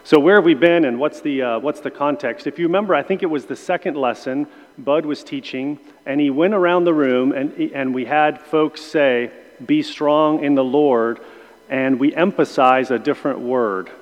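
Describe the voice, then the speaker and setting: A man leading a church Bible class in a conversational way, with many pauses and restarts. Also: medium pitch. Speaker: Sunday school teacher. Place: church room. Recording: long hall reverb.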